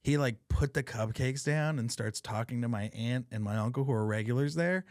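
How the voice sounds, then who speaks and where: A man hosting a podcast, telling funny family stories in a casual, profane, animated way. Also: mid-range voice, a little fast, no room sound, clean studio sound. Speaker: podcast host. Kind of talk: casual chat, storytelling.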